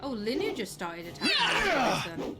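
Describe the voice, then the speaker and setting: A woman's voice: fairly high pitch, huge pitch swings, unhurried. A young woman chatting casually and laughing easily while she plays and comments on a video game. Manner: chatty, giggly, exclaims at the game. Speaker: game streamer. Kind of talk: casual live gameplay commentary. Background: game music.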